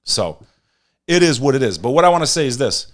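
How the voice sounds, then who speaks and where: A man hosting a podcast, ranting in animated news commentary and talking straight to his live chat. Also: medium pitch, a little fast. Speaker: podcast host.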